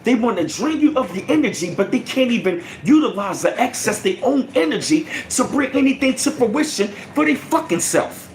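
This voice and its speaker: A man ranting casually to his livestream viewers, animated and profane, repeating himself as he goes. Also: high-pitched, reverberant, a little hiss or hum. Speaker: channel host.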